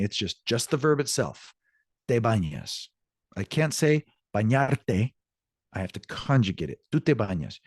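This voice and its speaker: Patiently explaining Spanish grammar in a recorded online class, a man regularly checks in with students and answers their questions out loud. He has a fairly low, slightly mellow voice, and the recording is dry and studio quality.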